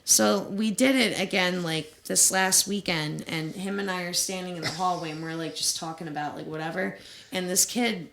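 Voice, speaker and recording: A woman's voice: fairly low pitch, fairly even intonation, normal speed, a bit bright, rough recording. A woman with a New Jersey accent, a musician guest telling stories in a casual chat, laughing often, recorded in a podcast studio. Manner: chatty storyteller, laughs often.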